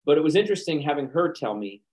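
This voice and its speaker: Man, podcast guest, animated storyteller, chuckles often, a bit higher-pitched. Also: quick pace, rough recording. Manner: lively anecdotes with frequent chuckles. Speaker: guest actor and speaker. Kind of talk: conversational storytelling.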